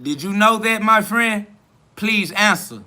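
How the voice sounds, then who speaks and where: A man's voice: sits high, animated, a little slow, bright, forceful tone. A man hosting a live stream, boasting and trash-talking in a preachy, repetitive way, answering viewers' comments.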